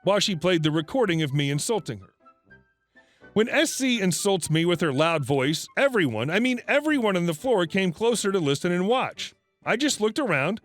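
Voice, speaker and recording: A man's voice: high voice, big pitch swings, normal speed, fairly bright tone, soft background music. A man reading a first-person story aloud as a scripted narration.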